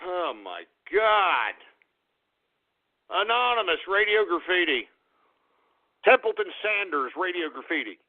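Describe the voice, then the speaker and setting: A man hosting a call-in radio show, ranting in a profane, exasperated way that swings from muttering to shouting. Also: high-pitched, sing-song, slow, pauses often. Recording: tinny phone-like lo-fi sound.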